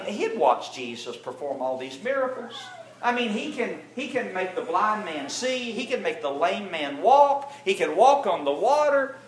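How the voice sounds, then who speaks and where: A man's voice: high-pitched, a little hiss or hum. Storytelling preacher, man. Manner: storytelling preacher who acts out the characters' lines. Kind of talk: sermon.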